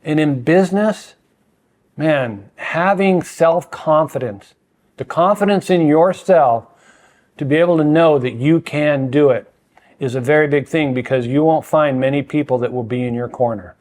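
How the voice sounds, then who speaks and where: Earnest older man with a higher voice. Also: darkish tone. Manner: earnest, measured, emphatic. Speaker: podcast guest, mentor. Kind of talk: reflective conversation.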